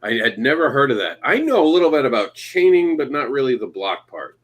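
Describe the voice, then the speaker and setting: Man, casual podcast chat, animated, jokey, lively pitch, mock voices. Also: brisk, breathy edge. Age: adult father. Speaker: podcast co-host.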